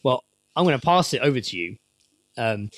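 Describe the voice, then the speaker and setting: A man's voice: mid-range voice, moderate pace, no room sound, studio quality. Joking man co-hosting a podcast. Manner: joking, deadpan asides, swears freely. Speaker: podcast co-host. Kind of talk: casual podcast chat.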